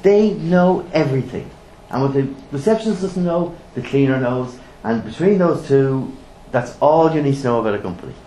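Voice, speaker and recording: Blunt, lively man teaching a class. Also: medium pitch. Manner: lively, blunt, asks rhetorical questions. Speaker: trainer. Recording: roomy echo, faint background noise.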